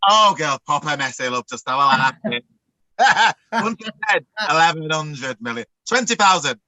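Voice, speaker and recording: A man's voice: on the high side, animated, normal speed, pushed and bright, no echo, low-quality recording. A man with a Northern English accent, guest drag makeup artist, chatting camply and giggling over a video call from home. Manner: camp, chatty, giggly, calls people girl and love. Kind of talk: casual video call chat. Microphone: computer mic on video call.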